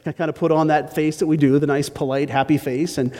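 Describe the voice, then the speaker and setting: A pastor preaching a sermon, telling a personal story with self-mocking asides to the congregation. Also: male voice, a little high, level tone, fast talker, mellow, big-room sound.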